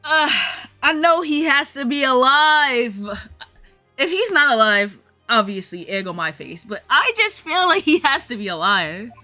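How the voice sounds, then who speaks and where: A woman's voice: high voice, unhurried, no echo. Emotional young woman playing a game. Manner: emotional, rambling, excitable. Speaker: let's-play host. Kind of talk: casual gameplay commentary. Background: faint game music.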